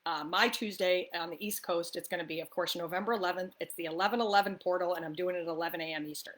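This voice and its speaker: A woman's voice: on the low side, fairly even intonation, quick pace, fairly bright tone. A woman who is a spiritual life coach, talking to camera in a casual coffee-talk monologue. She is upbeat and chatty, often tosses in "right?" and laughs easily. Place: the East Coast of the US.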